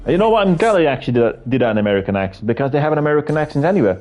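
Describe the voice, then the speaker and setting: A man's voice: medium pitch, big pitch swings, racing, a little mellow, dull audio, soft background music. An Irish man giving a casual, rambling opinion monologue full of fillers and swearing. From Ireland. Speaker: video creator.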